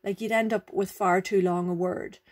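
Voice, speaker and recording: A woman's voice: medium pitch, fairly even intonation, normal speed, darkish tone. A woman, teaching a grammar lesson, explaining rules patiently and checking that the learner follows. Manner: patient, repeats rules, checks understanding with "right?" and "okay?". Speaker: Irish language teacher.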